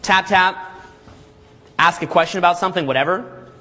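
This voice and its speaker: A man coaching a live seminar group, talking energetically and checking in constantly with "okay?" and "all right?", sometimes acting out quick scenes. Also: high voice, pushed and bright. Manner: acts out little scenes in quick put-on voices. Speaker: dating coach and boot camp instructor.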